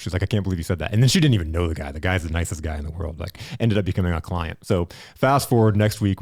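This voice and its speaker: Guy hosting a podcast, real low voice, blunt storyteller, dry sound. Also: dry recording. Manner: animated storyteller, blunt and profane. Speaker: podcast host. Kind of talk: casual interview chat.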